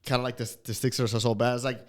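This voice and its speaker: Man, mid-range pitch, profane slangy storyteller, laughing often, podcast chat. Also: little pitch movement, racing. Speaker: podcast guest, comedian.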